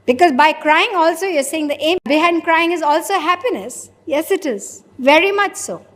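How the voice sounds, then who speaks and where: A woman's voice: very high-pitched, lively intonation, normal speed, a bit bright. A woman giving a sermon, asking the audience rhetorical questions and answering them herself. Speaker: spiritual preacher. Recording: long hall reverb.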